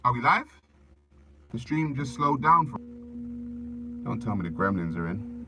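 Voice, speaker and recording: A man's voice: mid-range voice, measured pace, faint music behind. A man ranting casually on a live stream into his phone, swearing often and repeating himself as he searches for words. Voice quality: animated, profane, repetitive. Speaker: livestreamer. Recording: background noise with passing vehicles.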